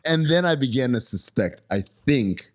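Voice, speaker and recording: A man co-hosting a podcast, telling a story in casual chat and acting out the quotes. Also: moderate pace. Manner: animated storyteller, acts out quotes with jumps in pitch. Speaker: podcast co-host.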